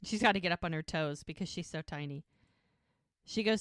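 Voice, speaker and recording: A woman's voice: on the low side, normal speed, long pauses, dry recording, studio quality. A woman co-hosting a podcast, casually recapping a TV episode and acting out the characters' lines with frequent laughter. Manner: retells scenes with quoted dialogue, laughs often.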